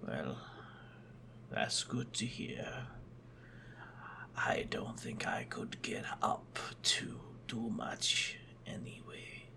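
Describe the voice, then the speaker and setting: A man voicing a weak, bedridden old man who speaks in a faint, halting whisper. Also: extremely low pitch, huge pitch swings, gravelly, pitched below the performer's own voice, exaggerated voice. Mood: weak, tired.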